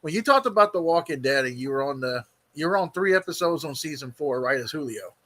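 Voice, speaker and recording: A man hosting a casual interview, asking loose questions that wander and restart. His voice sounds bright and forward. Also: a little high, expressive, quick pace. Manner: rambling, hesitant questions with many fillers. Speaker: host.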